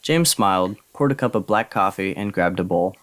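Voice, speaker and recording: A man narrating an audiobook in a steady, plain way. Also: low voice, normal speed.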